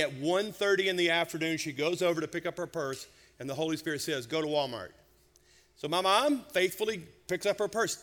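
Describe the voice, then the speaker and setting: A middle-aged man preaching a sermon, telling a humorous family story with lively, animated delivery. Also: high-pitched. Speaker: senior pastor. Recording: church hall reverb.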